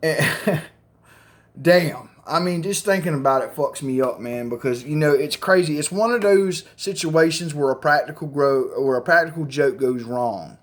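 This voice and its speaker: A man's voice: on the high side, normal speed. A man telling a crude, rambling story to camera in casual, profane chat. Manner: rambling, crude, full of fillers.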